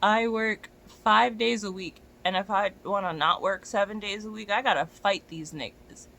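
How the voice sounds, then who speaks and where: Exasperated young dog walker ranting, bright voice. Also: medium pitch, fairly even intonation, normal speed, creaky. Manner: exasperated, profane, rising to near-shouts. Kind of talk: ranting vlog to camera.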